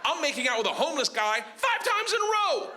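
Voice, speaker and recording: A man doing stand-up on stage, telling a story animatedly and acting out voices with shouts. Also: very high-pitched, fast talker, a little hiss or hum. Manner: animated, acts out voices and yells. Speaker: stand-up comedian. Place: comedy festival stage with live audience.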